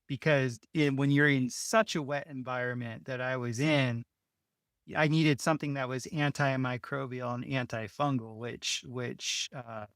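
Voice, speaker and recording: A man's voice: medium pitch, steady tone, a little slow, a bit bright, no echo, studio quality. A man, a builder guest in an interview, telling a story casually with many restarts and short laughs. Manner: rambling, restarts often, laughs between phrases.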